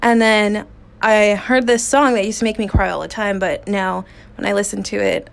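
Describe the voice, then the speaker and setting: A woman's voice: mid-range voice, fairly even intonation, moderate pace, vocal fry. A woman hosting a podcast, telling a personal story in a candid, raw way with casual swearing and many fillers, recorded on a phone in a small booth. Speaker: podcast host.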